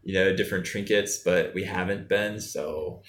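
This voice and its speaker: A man's voice: deep voice, moderate pace. A young man, a travel vlogger, chatting casually and easily while answering viewer questions on a live stream. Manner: relaxed, easygoing, chuckling. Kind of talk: casual chat. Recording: echoey room.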